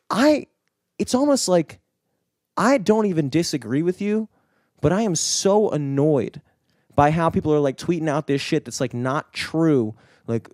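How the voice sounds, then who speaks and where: A man's voice: fairly high pitch, normal speed, warm tone, no echo, studio quality. A man co-hosting a podcast in casual chat, rambling and swearing, with lots of filler words. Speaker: podcast co-host. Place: studio.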